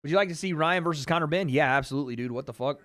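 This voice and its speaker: A man from Tennessee hosts a livestream watch party, reading chat in a loose, slangy way with a touch of swearing. His voice sits a bit higher than most men's. When the fight picks up, he gets loud and excited. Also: very fast. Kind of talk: casual livestream chat, reading viewer questions.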